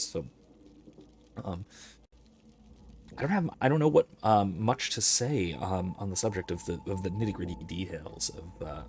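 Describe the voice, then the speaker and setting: A man with a fairly low, slightly mellow voice hosts a let's play with relaxed gameplay commentary. He rambles into academic digressions and reads viewers' chat messages out loud.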